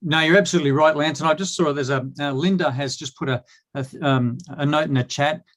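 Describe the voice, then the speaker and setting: A man's voice: a little high, fairly even intonation, a little fast, fairly bright tone. A man with an Australian accent, talking as a guest in a casual online interview, with many fillers and restarts.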